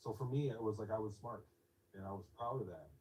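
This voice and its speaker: Soft-spoken reflective man in his fifties. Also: lowish voice, fast talker, far from the mic, rough recording. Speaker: interviewee telling a personal story. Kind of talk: personal storytelling in an interview.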